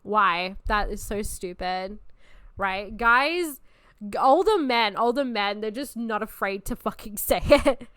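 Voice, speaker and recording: A woman's voice: mid-range voice, slow pace, clear, resonant tone, no room sound, studio quality. A woman in her twenties hosting a podcast, talking in a blunt, casual way and swearing freely. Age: 20s. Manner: blunt, profane and animated. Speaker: podcast host. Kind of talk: casual chat.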